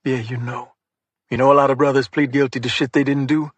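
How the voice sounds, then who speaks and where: A man's voice: mid-range voice, little pitch movement, brisk, dry recording, close to an everyday voice. A man doing a curt, guarded young inmate. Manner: curt, terse, clipped.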